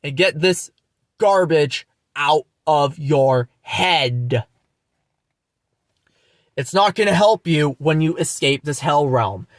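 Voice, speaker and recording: A young man rants into the camera with anger and scorn, swearing and repeating himself for emphasis. His voice sits a little high for a man. The sound is close and dry, with almost no room echo. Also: animated, takes it slowly, pauses often. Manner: angry, mocking, profane, repetitive. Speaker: channel host. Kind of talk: ranting monologue vlog.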